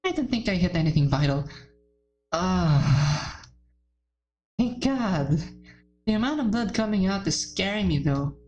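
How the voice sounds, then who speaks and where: A woman's voice: medium pitch, animated, brisk, darkish tone, muffled recording, faint music behind. A woman hosting a let's play, reading a visual novel's text aloud and breaking off with shocked, emotional reactions and gasps. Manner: emotional, gasping and swearing in shock between read passages.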